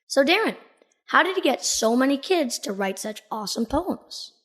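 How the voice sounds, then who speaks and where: A woman's voice: high voice, sing-song, normal speed, breathy edge. A woman hosting a podcast in a playful, joking way. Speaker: podcast host.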